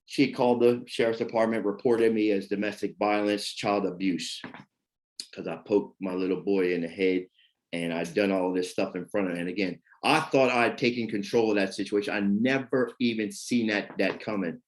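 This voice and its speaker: A man's voice: medium pitch, normal speed. A middle-aged man giving a candid personal testimony about his past, rambling and repeating fillers as he talks. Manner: rambling, repeats fillers like "you know what I mean". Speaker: person sharing his recovery story.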